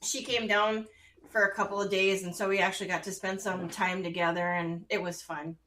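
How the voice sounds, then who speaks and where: A woman co-hosting a casual chat, speaking haltingly with pauses and laughing easily. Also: mid-range voice, level tone, sharp tone, a little hiss or hum. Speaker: co-host.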